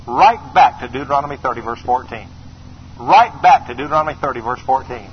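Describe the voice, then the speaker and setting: A man's voice: mid-range voice, brisk, slightly rough. A middle-aged man preaching a sermon emphatically, repeating phrases and calling on the congregation to answer. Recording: slightly dull recording with faint noise.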